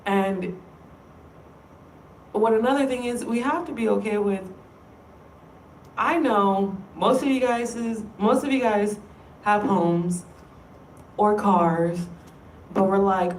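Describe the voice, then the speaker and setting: A woman's voice: medium pitch, slow, pauses often, far from the mic, a little hiss or hum. A woman in a casual, rambling monologue, emphatic and profane. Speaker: vlogger. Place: room in an indoor workplace building. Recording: echoey room, voice away from mic.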